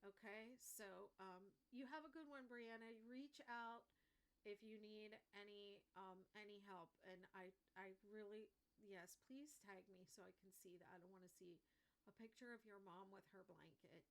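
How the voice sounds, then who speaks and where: A woman's voice: mid-range voice, steady tone, moderate pace. Chatty woman teaching crochet live. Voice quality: chatty, laughs often, talks while working. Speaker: crochet instructor. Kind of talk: casual livestream tutorial chat.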